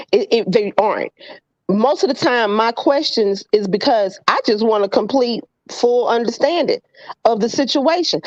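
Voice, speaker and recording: A woman talks earnestly, with many questions and casual swearing. Her voice is fairly high, and the recording sounds dry and slightly dull. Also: dry recording. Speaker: vlog co-host. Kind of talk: casual chat.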